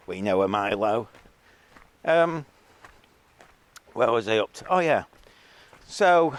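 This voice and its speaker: A man's voice: medium pitch, dry recording. Bloke ranting on his vlog, mocking and scornful, lots of ums, normal mid voice. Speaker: street video blogger. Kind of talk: ranting monologue.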